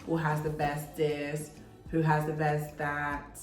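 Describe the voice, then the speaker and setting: A woman's voice: low voice, completely flat delivery, slow pace. A young woman from Nigeria chatting to camera in a joking, dramatic vlog. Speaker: vlogger. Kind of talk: casual chat to camera. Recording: echoey room with faint music.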